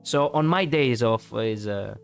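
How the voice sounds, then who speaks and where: A man's voice: medium pitch, measured pace, vocal fry, faint music behind. A man from Greece with a Greek accent, chatting casually with viewers on a live stream, rambling with many fillers and restarts and laughing easily.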